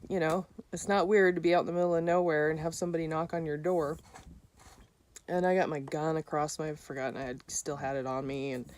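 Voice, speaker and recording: Brief: woman, lower register, casual first-person storyteller, halting delivery with restarts. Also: darkish tone. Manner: halting, with many fillers and restarts; re-enacts other people's lines in a raised voice. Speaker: hunter telling her story.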